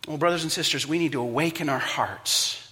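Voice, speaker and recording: A man preaching a sermon as pastor, telling stories dramatically and swinging from hushed to loud and impassioned. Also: on the high side, brisk, long reverb tail. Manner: impassioned, dramatic storytelling with wide swings in loudness.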